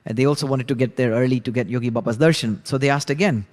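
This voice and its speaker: A man teaching a religious class, retelling a biography in a relaxed, conversational way with frequent asides. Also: medium pitch, quick pace, in a large hall. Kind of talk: storytelling lesson.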